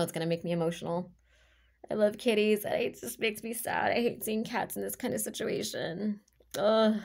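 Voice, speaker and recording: A woman giving an intuitive tarot reading to her viewers, talking in a rambling, heartfelt way with many halting restarts. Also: on the low side, a little mellow. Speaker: tarot reader.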